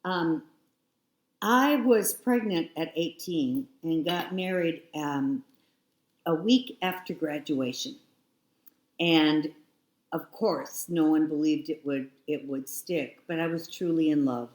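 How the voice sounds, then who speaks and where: A woman's voice: sits low, slow, darkish tone, roomy sound. A woman in her sixties, a guest telling her own story frankly and reflectively, sometimes repeating herself. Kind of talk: candid personal storytelling.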